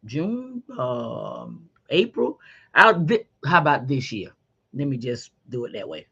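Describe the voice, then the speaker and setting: A middle-aged woman hosting a podcast, giving a faith-based motivational talk in a folksy, animated way and calling listeners honey. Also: a bass voice, takes it slowly, creaky, husky, highs cut off. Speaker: podcast host.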